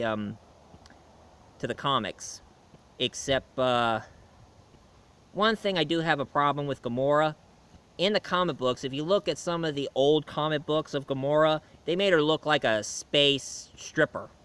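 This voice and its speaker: A man's voice: fairly high pitch, expressive, unhurried, long pauses, fairly bright tone, clear, resonant tone. A man giving a casual film and comic review, rambling along with many fillers and restarts.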